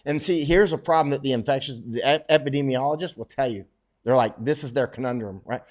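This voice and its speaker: A man's voice: medium pitch, quick pace, darkish tone. A middle-aged American man from Florida, rambling casually as he answers viewer questions on a livestream, often restarting and laughing as he talks. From Florida, United States.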